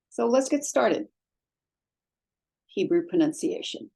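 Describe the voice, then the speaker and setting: Woman teacher going over sounds real slow, lowish husky voice, patient step by step. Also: warm tone. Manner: slow, careful drawn-out pronunciation of sounds. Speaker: Hebrew teacher. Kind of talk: slow instructional lesson.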